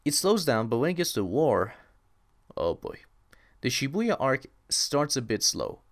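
A man's voice: medium pitch, sing-song, a little slow, dry recording, studio quality. A young man hosting a casual solo podcast, talking with enthusiasm and rambling, repeating words for emphasis. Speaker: podcast host.

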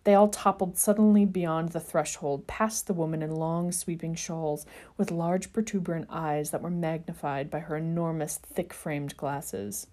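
A woman's voice: sits low, fairly even intonation, moderate pace, mellow. A woman podcast host reading fan fiction aloud and chatting with wry, dry asides. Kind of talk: narrated fan fiction reading and casual chat.

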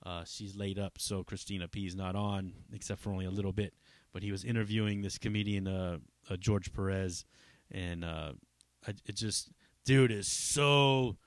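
A man's voice: lowish voice, no echo. Profane rambling male podcast host. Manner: rambling and profane, full of fillers and asides. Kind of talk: casual chat.

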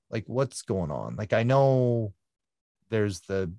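A man with a fairly low voice recounts his life as a guest, earnest and reflective. He circles back and repeats phrases to press a point. The sound is dry and close, with little room around it. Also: very animated, slow, mellow, no room sound. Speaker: guest, endurance athlete. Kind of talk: reflective conversational storytelling.

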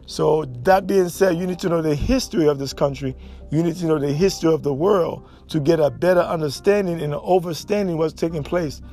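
A man's voice: fairly high pitch, a little fast, warm tone, soft background music. A Haitian man hosting his own podcast, talking in an emphatic, repetitive monologue full of restarts. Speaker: podcast host.

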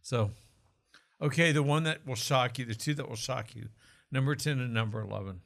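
A man's voice: mid-range voice, fairly quick, creaky, fairly bright tone. A man from Oklahoma talking casually about health as a co-host, explaining with asides and jokes. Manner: chatty, explanatory, jokes and restarts.

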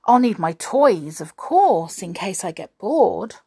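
A woman voicing an excitable, flustered male cartoon duck in a children's storybook reading. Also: medium pitch, takes it slowly, breathy edge, no room sound, studio quality, heavily acted. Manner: frantic, excited outbursts.

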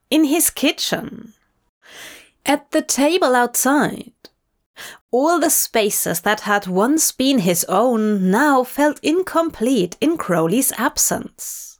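Slow, calm woman narrating a story. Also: mid-range voice. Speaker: fanfiction reader. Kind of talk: audiobook narration.

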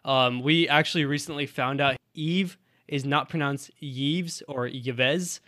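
A man's voice: medium pitch, fairly even intonation, moderate pace, pushed and bright, no echo. A young-sounding man co-hosting a college radio podcast, talking loosely about music with plenty of "like" and "um" as he restarts his thoughts. His voice sits mid-range and the recording is dry and close, with no room sound. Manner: loose and conversational, many fillers and restarts. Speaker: college radio sports director and podcast co-host.

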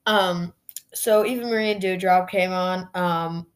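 A woman's voice: on the low side, fairly even intonation, a little slow. Chatty woman hosting a wrestling review. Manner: chatty, heavy use of "like" fillers. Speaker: podcast host. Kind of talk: casual wrestling show review.

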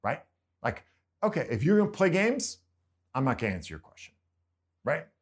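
Male preacher, casual sermon delivery with lively, swinging pitch. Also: moderate pace. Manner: conversational, animated storytelling. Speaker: pastor.

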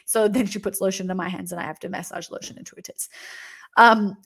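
A woman's voice: medium pitch, steady tone, fast, gravelly, slightly rough. A young woman telling a travel story casually, chatty and full of filler words. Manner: chatty, frequent "like" fillers and laughter.

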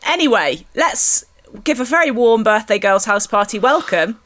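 A woman hosting a podcast in casual chat, self-deprecating and quick to laugh. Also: on the high side, big pitch swings, fairly bright tone. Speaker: podcast host.

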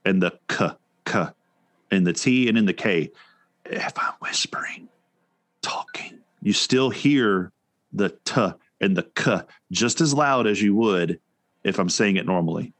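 A man's voice: fairly low pitch, lively intonation, unhurried, no room sound. A man co-hosting a casual chat show, talking in a rambling way with many restarts and fillers. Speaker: podcast co-host.

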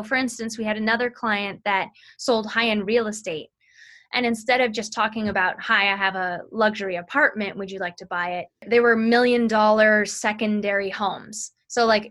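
A woman sales training consultant talking as an interview guest, chatty and explanatory, with quick asides as she explains phone technique. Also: mid-range voice, fairly bright tone.

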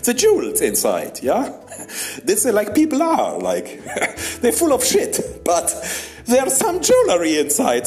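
A young man, a stand-up comedian, giving a rambling comic monologue in halting non-native English, laughing between lines and often tagging "yeah?". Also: sits high, huge pitch swings, a little mellow, soft background music.

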